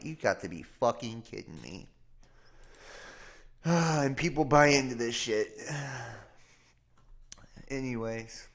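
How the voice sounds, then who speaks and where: A man's voice: mid-range voice, animated, takes it slowly, long pauses. A man hosting a live podcast, reading news headlines aloud and then reacting to them with disbelief, sighs and swearing. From Cincinnati area, US. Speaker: podcast host.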